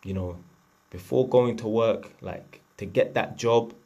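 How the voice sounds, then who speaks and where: A man's voice: lowish voice, measured pace, darkish tone. A man, delivering a blunt, profane, lecturing rant to camera as a vlogger. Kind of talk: unscripted ranting monologue.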